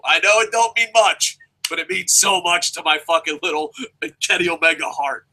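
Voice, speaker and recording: A man's voice: on the high side, fairly even intonation, normal speed, pushed and bright, poor audio. A man hosting a wrestling preview chat, ranting with heavy swearing and passion. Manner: profane, impassioned ranting. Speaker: host.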